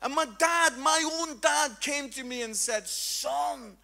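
Brief: bright, high male preacher, middle-aged, comic and animated storyteller. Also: a little slow. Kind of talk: humorous sermon. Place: church hall with congregation.

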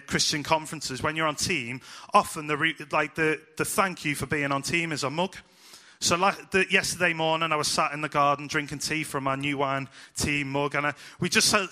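Young male youth minister, casual story-sermon, bright and fairly high voice. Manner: chatty, animated, acts out voices in quotes.

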